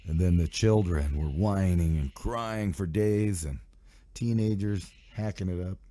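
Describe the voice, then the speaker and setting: A man's voice: deep voice, a little slow, dark tone. A man hosting a live radio show in loose, rambling, profane banter, his voice sick. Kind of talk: casual live stream and radio chat.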